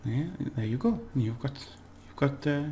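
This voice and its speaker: A man giving a relaxed, chatty language lesson, slowly repeating words for practice and laughing at his own slips. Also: mid-range voice, a little hiss or hum. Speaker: language teacher. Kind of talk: casual spoken language lesson.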